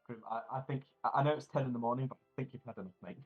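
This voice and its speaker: A man's voice: mid-range voice, very fast, over loud music, close to an everyday voice. A tired, pleading male halfling, fed up with his rowdy companion, as a game master voices him. The sound is muffled and lo-fi, like a voice call. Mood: weary. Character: weary male halfling with glasses.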